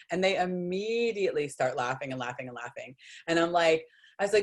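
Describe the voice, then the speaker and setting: A woman hosting a casual chat, telling a story with lively, acted-out quotes and many "like"s, over a video call. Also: fairly low pitch, a little fast. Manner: animated, acts out quotes with lots of "like". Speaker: host.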